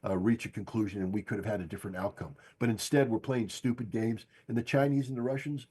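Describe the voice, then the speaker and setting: An older man gives emphatic political commentary, driving his points home by repeating them. His voice is low and husky, with a dark, mellow tone. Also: steady tone, fast talker. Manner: emphatic, insistent, repeats key phrases. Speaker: guest analyst. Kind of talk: political commentary on a podcast stream.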